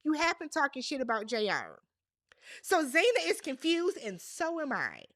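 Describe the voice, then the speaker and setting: A woman's voice: high-pitched, huge pitch swings, normal speed, fairly bright tone. A woman doing a casual, exasperated recap of a reality TV episode and talking straight to the people on screen. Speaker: recap host.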